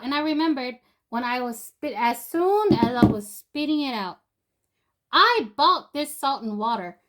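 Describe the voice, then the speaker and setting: A woman's voice: high voice, lively intonation, unhurried, fairly bright tone. A young woman telling a personal story in a loose, rambling way, full of fillers and restarts. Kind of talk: casual spoken storytelling.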